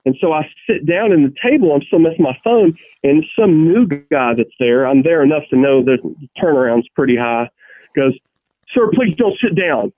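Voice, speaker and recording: A man's voice: on the high side, moderate pace, no room sound. A man co-hosting a casual chat, telling rambling stories full of restarts and swearing. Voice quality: profane, ranting storyteller. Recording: tinny phone-like sound.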